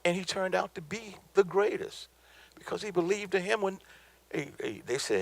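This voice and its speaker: A man's voice: sits high, lively intonation, moderate pace, vocal fry, dry recording. Emphatic, preacherly middle-aged man. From American South. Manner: emphatic, preacherly, repeats for effect. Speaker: business speaker. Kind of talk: motivational talk with slides.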